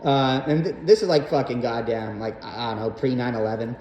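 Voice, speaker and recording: A young podcast host with a mid-range, darkish voice talks fairly quickly, telling a rambling, swear-filled personal story with frequent fillers. The sound is lo-fi, with roomy echo and faint background noise in this casual monologue.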